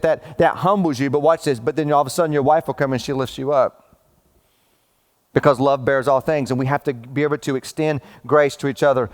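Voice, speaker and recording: A middle-aged male pastor preaching a sermon in a conversational, emphatic way, swinging between loud rising peaks and slow low stresses. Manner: emphatic and conversational, repeating "watch this" and addressing listeners as bro.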